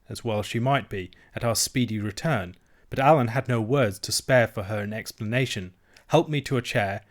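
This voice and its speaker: Male audiobook narrator, steady and measured, middle pitch. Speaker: audiobook reader. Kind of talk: scripted narration.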